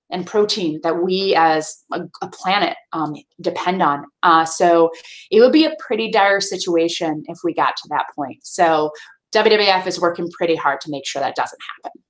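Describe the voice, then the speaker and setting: Midwestern expert woman, low-ish voice, friendly explainer, video-call sound. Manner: friendly, explanatory, asks "right?" often. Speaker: sustainability expert guest. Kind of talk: answering kids' questions in a virtual classroom.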